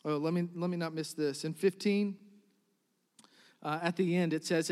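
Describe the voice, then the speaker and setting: A man preaching a sermon to his congregation as pastor, building to emphatic loud stretches and dropping to soft, quiet ones. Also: on the high side, fairly even intonation, normal speed, pauses often, clean tone, long reverb tail.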